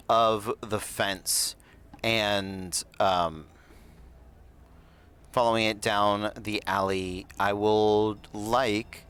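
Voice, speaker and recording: A man running a tabletop horror game as game master, narrating haltingly with many fillers. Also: fairly low pitch, a bit bright, clean tone.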